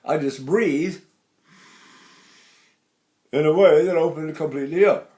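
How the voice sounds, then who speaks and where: A man's voice: a little high, measured pace, a little mellow. An older man, a voice teacher, explaining singing technique and breaking into sung and spoken vowel demonstrations.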